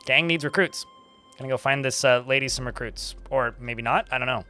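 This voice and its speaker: A young man giving casual gameplay commentary, joking and rambling, thinking out loud and swearing freely. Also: mid-range voice, fairly quick, faint music behind. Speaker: streamer playing a game.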